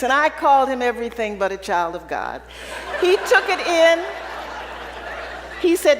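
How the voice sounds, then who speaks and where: At a keynote in an event hall, a woman tells personal stories to the audience with humor and a conversational ease, often checking in with "right?". Her voice is medium-pitched, expressive, and fairly bright, at a moderate pace. Long hall reverb and slight background noise color the recording.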